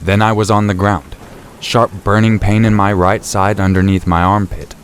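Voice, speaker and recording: A man narrating a true scary story in the first person, in a steady, low-key storytelling voice. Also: moderate pace, slight background noise. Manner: steady, low-key storytelling, rising sharply for shouted quotes. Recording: faint rain and thunder behind.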